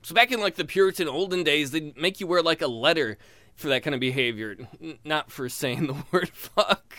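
A young man from West Virginia with a West Virginia accent, doing a crude stand-up comedy set and jumping into shrill put-on voices. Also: moderate pace, sharp tone, dry recording, clean studio sound.

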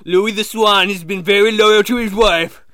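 A man playing an excitable male wildlife watcher who gives loud, urgent, pleading commentary from the bushes. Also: sits high, normal speed, no echo, clean studio sound.

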